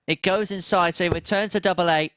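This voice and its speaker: A male darts commentator with a fairly high voice, recorded close and dry with no room sound. He calls the scores and finishes in steady play-by-play, with dry asides between throws. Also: fast, clean tone, no room sound. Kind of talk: live sports commentary.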